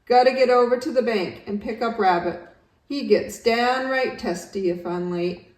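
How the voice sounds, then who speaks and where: Storybook yak taxi driver, nonstop chatterbox, high and loud, read by a woman, roomy and distant. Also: natural voice. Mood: chattering. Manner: rattles on fast, loud and high-pitched, barely pausing. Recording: roomy, distant home recording.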